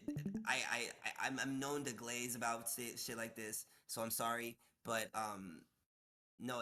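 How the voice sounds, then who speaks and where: A man talking as an interview guest in casual chat, halting and restarting, swearing, getting heated. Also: medium pitch, bright, forceful tone.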